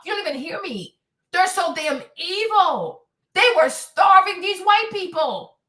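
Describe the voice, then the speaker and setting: High, bright-voiced woman ranting. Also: roomy sound, far from the mic. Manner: impassioned, profane, rambling. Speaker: host. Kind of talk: livestream commentary.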